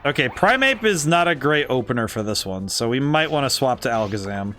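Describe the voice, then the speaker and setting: A man giving casual live-stream commentary on a game he is playing, excitable, laughing often and thinking aloud. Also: mid-range voice, a little fast, faint music behind.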